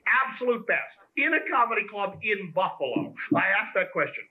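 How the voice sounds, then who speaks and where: Stand-up comic, man from Pennsylvania, high and animated, lo-fi club recording. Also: brisk, hardly any pauses, breathy edge. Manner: conversational, teasing the crowd, punchy delivery. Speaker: stand-up comedian. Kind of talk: stand-up comedy set. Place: comedy club stage. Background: audience laughter.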